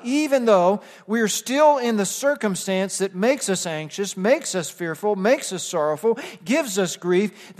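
In a church sanctuary, a high-voiced male pastor preaches a sermon, his words carrying a long hall reverb. His style is conversational, slipping into soft asides before building into emphatic, rising passages.

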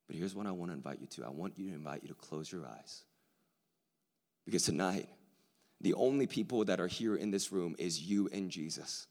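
A male preacher giving a sermon in a large hall with hundreds of people, swinging from a hushed near-whisper to loud excitement, with casual slang. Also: low voice.

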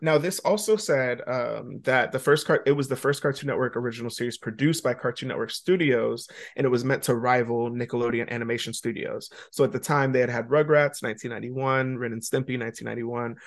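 A man's voice: mid-range voice, fairly even intonation, a little fast, few pauses. A man co-hosting a podcast in casual chat, rambling along with lots of ums and uhs. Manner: chatty and rambling, with many fillers. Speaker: podcast co-host.

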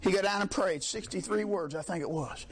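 A man preaching a fiery sermon, shouting, mocking and laughing as the congregation answers back. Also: high-pitched, fairly quick, a little hiss or hum.

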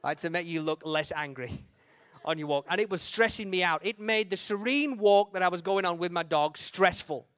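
With a smooth, fairly high male voice, a young preacher spins a humorous sermon story, acting out his thoughts and quotes animatedly and occasionally shouting. He pokes fun at himself in lively, quick bursts. The recording is close and dry, without room echo.

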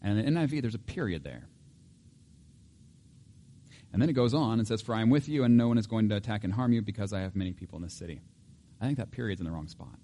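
A middle-aged pastor preaching a sermon in an animated, joking way, acting out voices and laughing often. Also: male voice, lowish voice, fast, pauses often.

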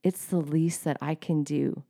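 A woman's voice: low-pitched, fairly even intonation, measured pace, warm tone. A woman co-hosting a faith podcast, sharing her testimony in a heartfelt, emotional way with many fillers. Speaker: co-host.

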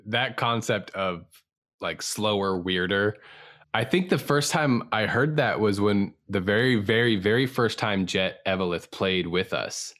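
A man's voice: fairly low pitch, measured pace, fairly bright tone. A man, an improviser co-hosting a podcast, talking earnestly and reflectively about improv. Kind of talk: casual chat reviewing an improv show.

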